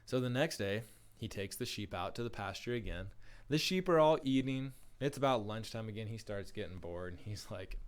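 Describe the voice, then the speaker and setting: A man's voice: lowish voice, normal speed, clean tone. Man telling a story to young kids. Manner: animated, casual, many fillers like "like". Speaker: school staff presenter.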